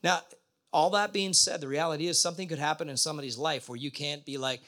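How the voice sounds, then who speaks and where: Bright-voiced middle-aged pastor preaching. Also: male voice, on the high side, fairly even intonation, fast. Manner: conversational, asks the congregation questions. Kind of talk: sermon.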